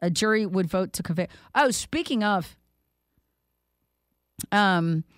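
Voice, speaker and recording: A woman's voice: mid-range voice, animated, slow pace, dry recording. Woman radio host ranting, sarcastic, dry close mic. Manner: indignant, sarcastic. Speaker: talk show host. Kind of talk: opinionated talk radio chat.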